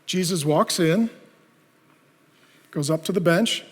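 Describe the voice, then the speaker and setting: Brief: high-voiced male pastor, very animated sermon delivery, long hall reverb. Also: slow pace. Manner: animated preaching, rhetorical questions to the audience.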